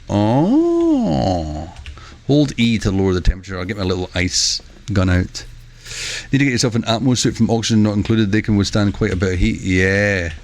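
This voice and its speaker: A man giving chatty live commentary while streaming a video game, breaking into excitable exclamations. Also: fairly low pitch.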